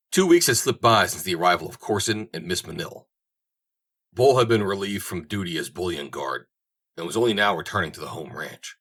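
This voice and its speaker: A man reading a western novel aloud in a steady, storytelling manner. His voice is deep and low-pitched, with measured, even delivery through the action. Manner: steady storytelling, voicing each character. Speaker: audiobook narrator. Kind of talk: audiobook narration.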